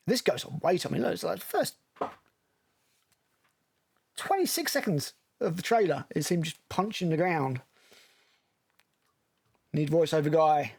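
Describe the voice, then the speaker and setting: A man's voice: on the high side, creaky, darkish tone, slightly rough. A male film critic giving blunt, sarcastic, profane commentary while reacting to a movie trailer.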